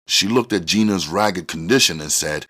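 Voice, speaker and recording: Deep-voiced man reading a story. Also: moderate pace, pushed and bright. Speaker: audiobook reader.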